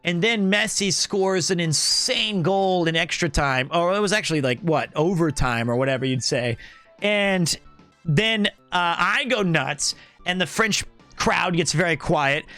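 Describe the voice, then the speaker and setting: A young man hosting a stream, telling a rambling, joking story in a casual, animated way. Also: high-pitched, unhurried, soft background music. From United States. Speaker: streamer host.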